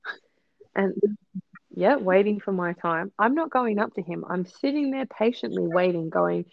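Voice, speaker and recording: A woman co-hosting a podcast, telling stories in an animated way and acting out both sides of conversations. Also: medium pitch, normal speed, creaky, dry recording, highs cut off. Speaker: podcast co-host. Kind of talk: casual chat.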